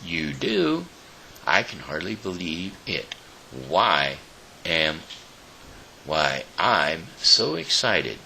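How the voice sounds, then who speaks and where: A man voicing an old, self-pitying male rhinoceros in a storybook read-aloud, gruff and sorrowful. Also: sits low, big pitch swings, slow pace, pushed and bright, slight background noise, full character voice, rough recording. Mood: excited.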